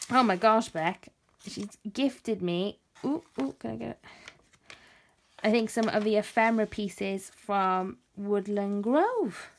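A woman's voice: medium pitch, expressive, takes it slowly, gravelly, a little hiss or hum. Woman gushing over craft goodies, gasps a lot, bit of paper crinkle in the back. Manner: gushing, gasping with delight. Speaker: craft vlogger. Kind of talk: casual unboxing chat.

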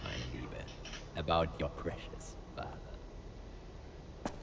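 Officer, very deep, gravelly, slow and contemptuous, noisy game audio. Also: male voice, full character voice. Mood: taunting. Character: menacing male Nazi officer, arrogant, scornful. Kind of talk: video game cutscene.

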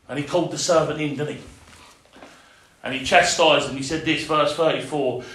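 Earnest male preacher with a raised pitch, delivering an impassioned sermon in a reverberant room. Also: fairly even intonation, moderate pace, a bit bright. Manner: earnest, rising to impassioned, with everyday dialect grammar. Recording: echoey room.

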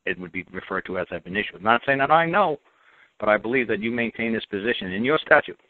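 Low-voiced radio host guy, blunt, hammers the same point over and over, tinny phone sound. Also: expressive, fast, no echo. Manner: blunt, emphatic, repetitive. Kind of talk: call-in radio talk. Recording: dry, tinny phone-like audio.

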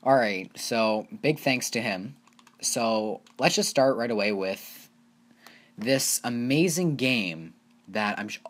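A man hosting his own gaming channel, giving casual, rambling gameplay commentary and getting excited over small wins. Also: medium pitch, slow pace. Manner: rambling, easily excited, talks to viewers as "you guys".

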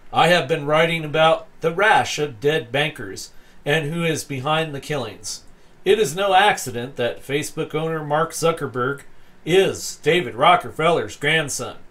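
A man slowly reading articles aloud for a video, stumbling over words and adding amused asides. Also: a little high, a bit bright. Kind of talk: casual read-aloud commentary.

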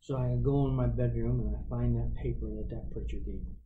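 An older man, a guest preacher, telling his testimony with animated storytelling and acting out the voices in it. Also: mid-range voice, brisk, far from the mic, narrow, tinny audio, background noise.

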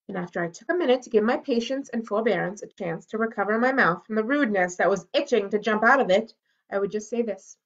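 A woman's voice: medium pitch, fast. Woman reading a children's story aloud. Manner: lively storytelling with character voices. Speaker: library read-aloud host. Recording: dull lo-fi recording.

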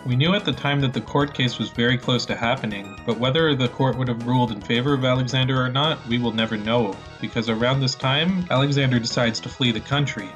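A man narrating a scripted documentary in a wry, measured storytelling manner. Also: medium pitch, low-quality recording. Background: guitar music.

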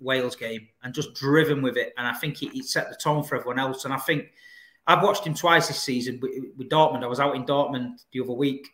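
A man's voice: mid-range voice, steady tone, brisk, fairly bright tone, echoey room. A man hosting a casual football chat, talking in a laid-back, blokey way. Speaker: football channel host.

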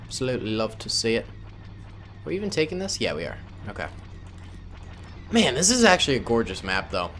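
Lively, jokey man doing game commentary. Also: medium pitch, a little fast, long pauses, slight background noise. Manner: playful, jokey, talks to viewers as "boys". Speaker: gaming YouTuber. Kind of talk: casual gameplay commentary.

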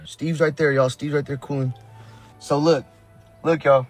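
Nervous young prankster from Sacramento. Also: male voice, fairly high pitch, steady tone, unhurried, soft background music. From Sacramento area, California. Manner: nervous, swearing oaths, slangy. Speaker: prank video maker streaming live. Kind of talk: excited live-stream talk to chat.

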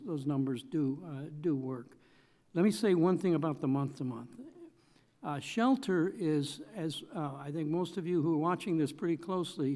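Middle-aged man, economic forecaster, hearing testimony, halting with fillers, somewhat higher voice. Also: darkish tone. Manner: hesitant, many fillers and self-corrections. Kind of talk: expert testimony at a public hearing.

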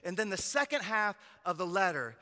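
A male pastor preaching a sermon in a conversational storytelling way, swinging from loud emphasis to quiet, personal moments. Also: sits high, big pitch swings, normal speed, big-room sound. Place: church sanctuary.

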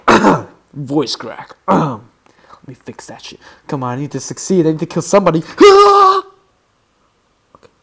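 Excitable swearing man playing a game. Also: on the high side, brisk, creaky, slightly rough. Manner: excitable, swearing, yelps and screams. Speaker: let's play gamer. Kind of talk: gaming commentary.

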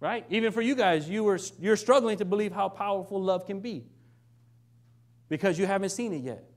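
A man's voice: high voice, brisk. A young adult man giving a conversational sermon as a minister, often checking in with "right?" and acting out quoted lines. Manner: conversational, keeps asking "right?"; acts out quoted lines in shifting voices.

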